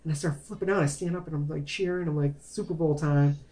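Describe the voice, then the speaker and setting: A man's voice: fairly high pitch, steady tone, rapid-fire, darkish tone. Guy just talking to camera, telling his story, rambles and repeats himself a lot. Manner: rambling, repeats words, apologizes for veering off. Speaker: vlogger sharing his life story. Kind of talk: casual personal storytelling.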